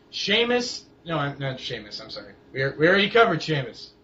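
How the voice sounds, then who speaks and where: A young man co-hosting a casual wrestling chat, rambling and halting, with lots of fillers and restarts. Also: fairly high pitch, very animated, sharp tone. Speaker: co-host of a wrestling blog. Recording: dull lo-fi home recording with faint hiss.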